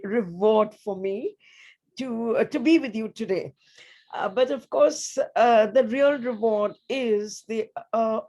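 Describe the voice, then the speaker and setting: An older woman giving an earnest, measured address to new students over a video call, asking rhetorical questions. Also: fairly high pitch, darkish tone. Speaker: guest speaker.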